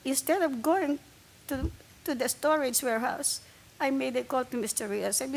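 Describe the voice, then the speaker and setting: A woman's voice: high-pitched, normal speed, creaky, low-quality recording. A woman giving public comment at a board meeting, telling a long, detailed story and acting out the dialogue.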